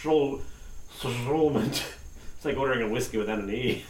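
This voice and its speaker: A man's voice: mid-range voice, quick pace, roomy sound, slight background noise. A man co-hosting a casual podcast chat, tossing in sarcastic jokes. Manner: joking, sarcastic asides.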